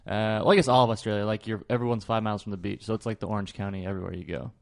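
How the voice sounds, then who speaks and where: Easygoing low-voiced male guest. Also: fairly even intonation, very fast, gravelly. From Minnesota. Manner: easygoing, laughs often, self-deprecating. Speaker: podcast guest, comedian. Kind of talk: casual podcast chat.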